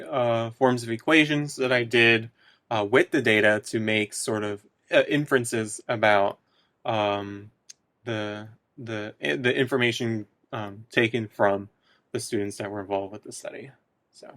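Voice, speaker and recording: A man presenting his research study, talking through the results with frequent pauses, fillers and restarts. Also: mid-range voice, a bit bright, no room sound. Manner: hesitant, many fillers and restarts.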